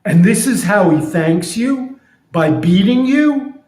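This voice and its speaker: A man voicing an indignant, protective friend who scolds and insists, in a much higher and louder voice than his own, in an echoey room. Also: lively intonation, slow. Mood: outraged. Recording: roomy echo.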